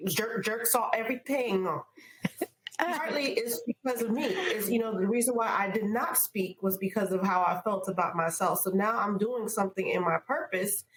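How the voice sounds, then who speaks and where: A woman's voice: mid-range voice, normal speed. A woman speaker on a podcast panel, talking in an emphatic, playful way. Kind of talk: casual panel chat. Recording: roomy echo.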